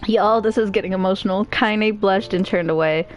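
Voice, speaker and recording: A woman streamer reads a game's story aloud and keeps breaking into chatty, emotional asides. Her voice sits at an average pitch, and faint music plays in the background. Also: moderate pace. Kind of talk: reading game story aloud with reactions.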